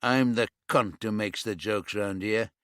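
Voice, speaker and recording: Guy doing a sneery prison top dog, slow mocking drawl, dry close sound. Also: lowish voice, fairly even intonation, fairly bright tone, no echo. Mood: scornful. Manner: disdainful, drawn-out taunts. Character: sour male prison top dog, scornful bully.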